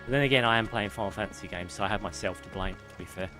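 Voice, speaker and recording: A man's voice: lowish voice, rapid-fire, over music. A man with a British accent giving casual live commentary over a game, chatting with viewers and swearing freely. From United Kingdom. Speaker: game streamer.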